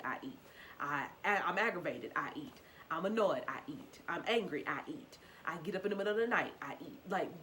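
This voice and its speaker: A woman's voice: lowish voice, a bit bright, slight background noise, rough recording. A young woman giving a candid, confessional personal testimony, repeating herself and asking the listener questions. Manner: earnest, repetitive and confessional, with rhetorical questions. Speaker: faith vlogger.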